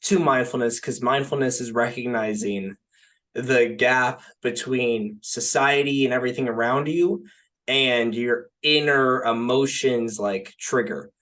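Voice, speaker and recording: A young man co-hosts a podcast, chatting casually about films in a mid-range, fairly bright voice at a measured pace. He rambles and leans heavily on fillers, often saying "like" and "right?"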